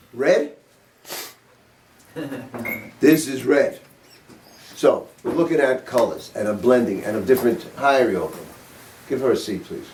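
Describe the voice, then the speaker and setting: A man's voice: medium pitch, darkish tone, slight background noise. An older man teaching a saxophone master class in a studio, talking bluntly and informally, quizzing his students and swearing casually. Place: music studio. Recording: roomy sound from a distant mic.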